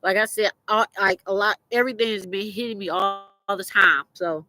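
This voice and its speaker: A woman's voice: mid-range voice, fairly quick, pushed and bright, poor audio. A young adult woman, hosting a podcast and speaking teary-eyed, blunt, profane and rambling, with many restarts. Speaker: podcast host. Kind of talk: casual motivational monologue.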